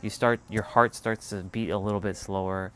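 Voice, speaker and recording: A man with a lowish voice talks calmly and without hurry on a spiritual livestream, now and then loose and blunt with swearing. Faint background ambience hums behind him, with the odd vehicle passing. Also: slight background noise. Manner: calm, unhurried, loose and profane at times. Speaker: livestream host. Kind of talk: casual spiritual livestream talk.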